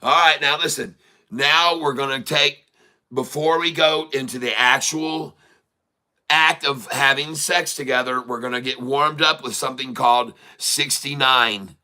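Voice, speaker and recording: A man doing a soft, coaxing woman. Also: mid-range voice, steady tone, measured pace.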